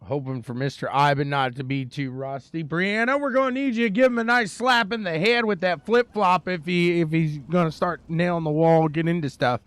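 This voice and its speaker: A man with a high, bright-edged voice calls a live sim race with rising excitement. He chats and jokes with viewers between calls of the action. The sound is close and dry, with no room around it. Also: normal speed, hardly any pauses, no room sound. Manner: energetic, chatty, jokes with chat viewers. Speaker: race commentator. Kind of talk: live sim racing commentary.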